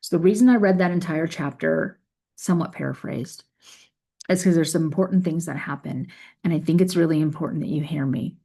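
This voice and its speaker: Woman, low gravelly voice, earnest reflective faith talk mixing scripture reading with casual commentary. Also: fairly quick, mellow. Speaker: faith video creator.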